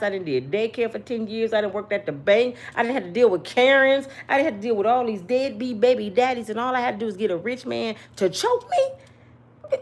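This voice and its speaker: A woman giving an emphatic, slangy opinion rant to her viewers, full of rhetorical questions. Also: on the high side. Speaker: commentary vlogger.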